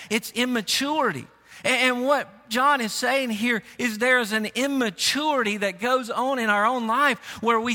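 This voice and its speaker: A man's voice: high voice, pushed and bright, in a large hall. A middle-aged man preaching a sermon as a pastor, earnest, often repeating words and restarting.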